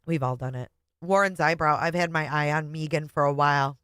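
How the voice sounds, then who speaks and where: A low-pitched woman in middle age hosts a casual live stream and talks straight to her chat. She is blunt and chatty and swears freely. Her voice sounds close and dry, with no room echo. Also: fairly even intonation, fairly quick, fairly bright tone, clear, resonant tone.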